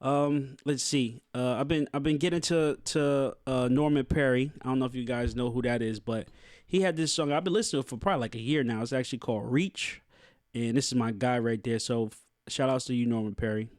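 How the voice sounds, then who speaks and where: A man's voice: mid-range voice, fairly quick, a little mellow, dry recording, clean studio sound. A man hosting a podcast in casual chat, laid-back and slangy, with many fillers and restarts. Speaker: podcast host.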